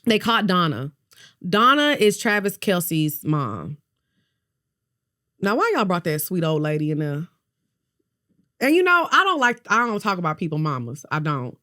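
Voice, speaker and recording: A woman's voice: on the low side, big pitch swings, measured pace, long pauses, sharp tone. A woman hosting a podcast in casual gossip chat, candid, playful and openly profane. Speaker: podcast host.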